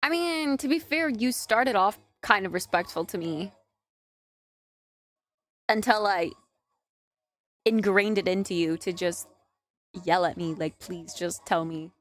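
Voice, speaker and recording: Young woman streamer, casual chat, giggly, chatty, mid-pitched voice. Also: expressive, unhurried, long pauses. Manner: giggly, chatty, filler-heavy with "like".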